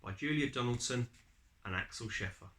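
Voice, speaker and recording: A man reading a rhyming picture book aloud with an expressive, rhythmic delivery. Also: medium pitch, moderate pace, slight background noise. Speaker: storyteller.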